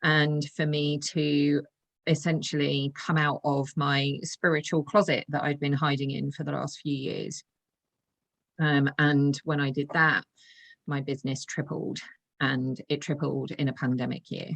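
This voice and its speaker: A woman speaks as a podcast guest in a low voice with a gravelly fry at the edges. She talks earnestly and from the heart, with easy laughter running through her words. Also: level tone, a little slow. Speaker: guest, intuitive coach. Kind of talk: casual interview conversation.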